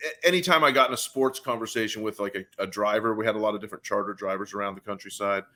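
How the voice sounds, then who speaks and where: Male podcast host from Carolina, chatty storyteller, bright and forceful tone. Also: on the low side, fast. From Carolina, USA. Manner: animated storyteller with many fillers. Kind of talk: casual chat.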